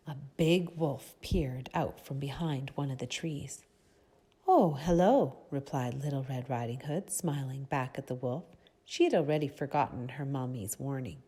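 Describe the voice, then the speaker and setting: A woman reading a storybook aloud to children, gently pausing to ask them questions. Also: extremely low pitch, husky.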